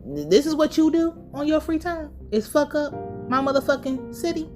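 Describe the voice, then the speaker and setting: A woman's voice: sits high, expressive, normal speed, music in the background. A woman giving a casual, blunt and profane recap of a TV episode. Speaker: TV recap vlogger.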